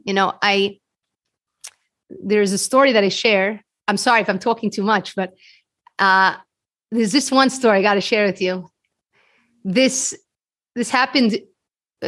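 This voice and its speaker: A woman guest on a podcast, telling a story earnestly and repeating words as she gets going. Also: mid-range voice. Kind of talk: storytelling in conversation. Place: podcast studio.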